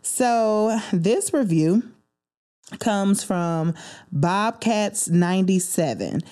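A woman's voice: medium pitch, lively intonation, drawn-out words, mellow. A young woman hosting a faith-based solo podcast from a studio, speaking in an emotional, preachy way and calling listeners baby and homegirl. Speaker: podcast host. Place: recording studio.

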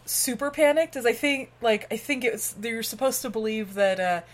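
Woman, podcast co-host, lively and blunt, laughs a lot, fairly high voice. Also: moderate pace. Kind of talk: casual movie recap chat.

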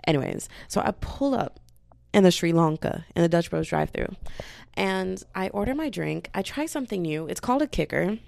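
A woman in her early twenties hosting a podcast, ranting casually and rambling, tired but wired, often jumping into high-pitched voices to quote people. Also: animated, moderate pace, creaky, a little mellow, dry recording. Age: 20s. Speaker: podcast host.

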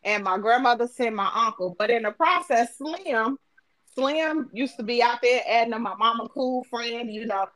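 A woman's voice: fairly high pitch, moderate pace, fairly bright tone. A woman hosting a casual phone-chat podcast, telling a story and acting out the voices of the people in it. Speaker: podcast host.

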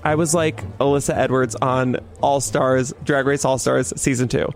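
A young man telling a story in casual talk, animated, with lots of swearing and "like". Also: mid-range voice, normal speed, faint music behind. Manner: animated, swears a lot, heavy use of "like".

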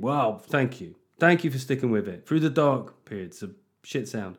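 A man talks through his podcast in a loose comic monologue. He swears freely and rambles from one thought to the next. His pitch sits in the middle of the range. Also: lively intonation, normal speed. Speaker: podcast host.

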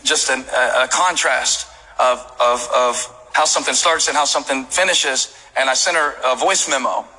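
A man preaching a sermon as pastor, mixing joking stories with rising shouted appeals to the congregation. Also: mid-range voice, moderate pace, rough recording. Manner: storytelling that builds to shouted preaching; jokey asides with laughs. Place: church service.

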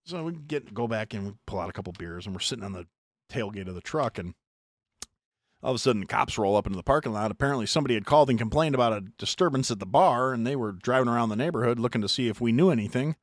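A middle-aged American man hosting a podcast, telling a long story in a profane, animated way with mock voices. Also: mid-range voice, very fast, no echo, clean studio sound. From United States. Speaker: podcast host. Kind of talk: casual storytelling chat.

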